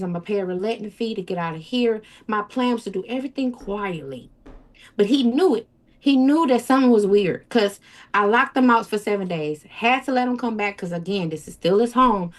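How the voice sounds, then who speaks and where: A woman speaking pours out a personal story. She rambles, circles back and repeats herself. Her voice sits at an ordinary middle pitch. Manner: rambling, repeats herself, acts out quoted speech. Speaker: interview guest. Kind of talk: emotional personal account.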